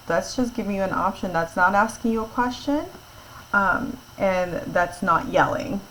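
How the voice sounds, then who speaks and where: A woman's voice: mid-range voice, moderate pace, fairly bright tone, slight background noise, rough recording. A woman teacher explaining a grammar lesson patiently, step by step, often checking in with her class.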